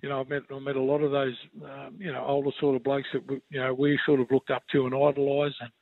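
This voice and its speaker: A man's voice: mid-range voice, monotone, quick pace, dry recording, narrow, tinny audio. An Australian man in his sixties, a former player, chatting on sports radio in a rambling, storytelling way full of restarts. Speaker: former player and regular pundit. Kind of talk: casual sports radio chat.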